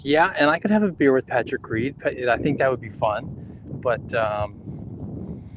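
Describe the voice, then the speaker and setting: A man's voice: medium pitch, lively intonation, measured pace, background noise. A man playing golf on a livestream, laid-back and self-deprecating about his shots. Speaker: golfer and co-host. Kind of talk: casual chat. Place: golf course outdoors.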